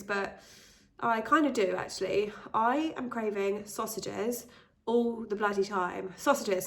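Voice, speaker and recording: British woman chatting to camera, bunged up with a cold, rambly and open, mid-pitched voice. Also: normal speed, vocal fry. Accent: British English. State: congested with a cold. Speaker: vlogger and fitness instructor. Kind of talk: casual pregnancy update vlog.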